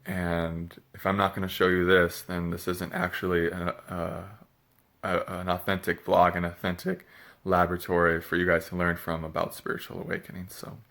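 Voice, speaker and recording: A man speaking in a confessional vlog, feeling sick and drained, with a halting, soft, searching delivery. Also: sits low, completely flat delivery, gravelly. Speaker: spiritual vlogger.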